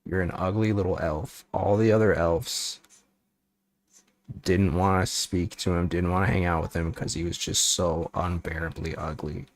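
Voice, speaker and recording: A VTuber streams in a low, flat voice, talking a little slowly with no room sound. He chats playfully with viewers and improvises a rambling, silly bedtime story.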